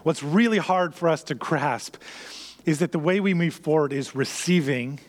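A man with a notably high voice preaches a sermon in the manner of a pastor. He leans on key phrases and repeats them for emphasis. At times his voice drops low and hushed, close to a whisper. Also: normal speed.

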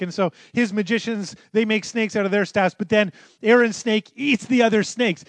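A man's voice: sits high, expressive, a little fast, no echo. A man preaching a sermon as pastor in a church, telling the story conversationally and acting out the quotes.

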